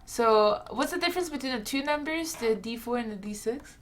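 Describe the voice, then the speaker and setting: Bright woman learning dnd, asking questions, faint keyboard clicks. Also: fairly high pitch, animated, brisk, a little hiss or hum. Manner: curious, asks about the rules. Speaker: player. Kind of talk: playing a tabletop game.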